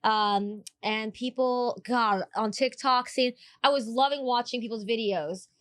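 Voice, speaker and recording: A woman's voice: on the high side, measured pace, no echo. A woman co-hosting a podcast, chatting casually and telling stories with strong opinions. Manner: animated, opinionated storyteller. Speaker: podcast co-host. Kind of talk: casual chat.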